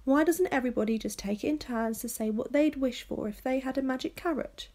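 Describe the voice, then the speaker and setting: A woman reading aloud plays a trusting young boy who does not understand what is happening around him. His questions come out earnest and a little raised in pitch, with a gravelly grain. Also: a little fast, darkish tone. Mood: coaxing. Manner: puzzled, earnest.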